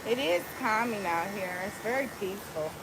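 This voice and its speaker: There's wind and outdoor ambient noise as a woman barber on a deck cuts hair and chats playfully with viewers and her dog over a phone livestream. Her mid-range voice is brisk, lively in intonation, and has vocal fry.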